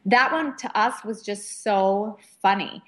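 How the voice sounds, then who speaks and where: A woman's voice: mid-range voice, slow pace. A woman co-hosts a faith talk radio show. She tells stories animatedly, laughing easily and restarting her sentences often. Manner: animated, giggly storyteller with many restarts.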